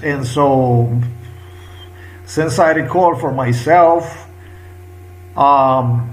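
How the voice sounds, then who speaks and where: In this low-quality clip, a Slovenian vlogger in his 50s, a native Slovenian speaker, delivers an insistent, emotional monologue in English. His voice sits a little high, and his speech is halting, packed with fillers and restarts.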